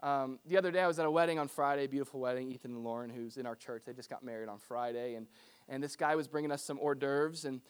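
A man's voice: mid-range voice, steady tone, fast talker, clean tone. A man preaching a sermon to his church as pastor, in a conversational style that mixes personal stories with scripture.

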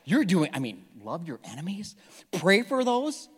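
Man, sermon, impassioned, swings loud and soft, very animated pitch. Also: measured pace, husky, in a large hall. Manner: impassioned, swings from loud to hushed, repeats words. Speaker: pastor.

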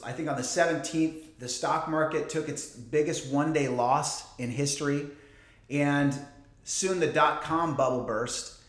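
A man in his forties, a pastor giving a conversational sermon with joking asides and frequent fillers. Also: medium pitch. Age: 40s. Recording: roomy echo.

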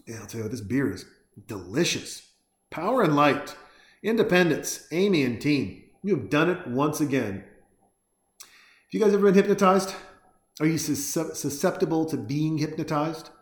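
At home with a beer, a man reacts casually to a film, rambling, joking, swearing, and acting out lines. His voice is a little high with lively intonation at a moderate pace, and the room sounds reverberant.

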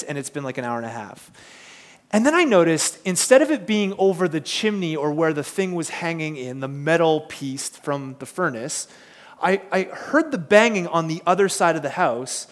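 A man preaches and tells a story with lots of energy, now and then putting questions to the crowd. His voice sits fairly high for a man. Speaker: pastor. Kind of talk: sermon with a personal story.

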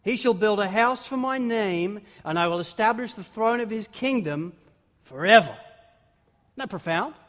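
A man preaching a sermon, with dramatic swings between loud exclamations and hushed emphasis. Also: sits high, moderate pace. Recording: long hall reverb.

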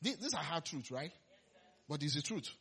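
Husky-voiced man preaching a sermon. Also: on the high side, sing-song, normal speed, fairly bright tone.

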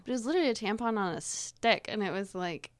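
A woman's voice: medium pitch, animated, quick pace, no room sound. A woman hosting a comedy podcast, chatting casually and laughing as she retells things. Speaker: podcast host. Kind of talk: casual chat.

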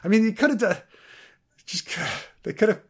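A man's voice: high voice, animated, normal speed, slightly rough. A man co-hosting a casual review podcast, rambling and sarcastic, with frequent stammers and restarts. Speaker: podcast co-host.

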